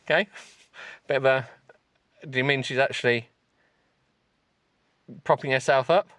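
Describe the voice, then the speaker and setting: A male podcast host reading a text aloud for comedy, stopping to mock it with sarcastic asides and breaking into high giggles. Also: steady tone, measured pace, fairly bright tone, dry recording. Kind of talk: comic reading with running commentary.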